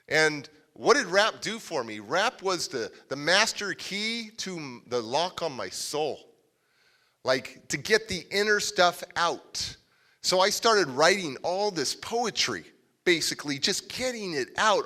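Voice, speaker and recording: Guy speaker, kinda high bright voice, animated storytelling, does little voices. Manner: animated, acts out quoted voices. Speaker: motivational speaker. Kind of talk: live storytelling speech. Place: civic center stage.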